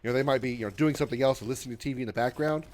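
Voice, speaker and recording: A man's voice: mid-range voice, racing. Man in his thirties chatting on a game stream. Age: 30s. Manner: sarcastic, swears, reads chat aloud; yelps loudly when in danger in the game. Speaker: gaming livestreamer. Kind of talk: casual gaming stream chat.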